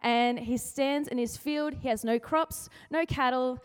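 A woman's voice: sits high, fairly even intonation, a little slow, clean tone. Chatty young woman preaching in an echoey hall. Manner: chatty, playful, acts out quotes in comic voices. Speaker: youth speaker sharing a devotion. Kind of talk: casual youth sermon. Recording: hall with long reverb.

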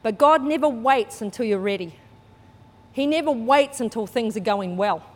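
A woman preaches in a lively, storytelling way, acting out what people said. Her voice sits a little high. It rings with the long reverb of a large hall. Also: moderate pace. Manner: lively storytelling, acts out quotes, laughs often. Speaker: church speaker. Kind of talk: sermon with personal story.

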